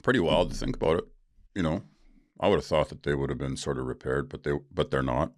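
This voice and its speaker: Middle-aged male podcast host, very low voice, dry close sound, blunt and profane, rambles with lots of ums. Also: quick pace, no echo. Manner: candid, profane, rambling with many fillers. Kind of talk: casual solo podcast talk.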